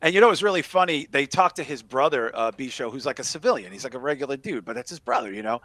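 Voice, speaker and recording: A middle-aged man with a Chicago accent hosting a podcast, talking movies in a jokey, animated, crude way. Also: medium pitch, fast, no room sound. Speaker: podcast host. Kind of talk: casual movie chat.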